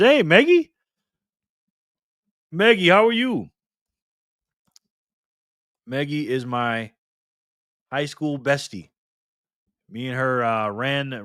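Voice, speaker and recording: A man's voice: mid-range voice, fairly bright tone, dry recording, studio quality. A man hosting a casual live stream, reading out the chat, greeting viewers by name and laughing often.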